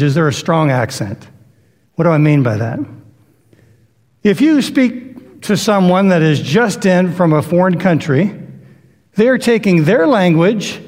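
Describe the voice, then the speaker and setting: Man, sermon, conversational preaching, acts out quotes, echoing hall. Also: high-pitched. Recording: long hall reverb.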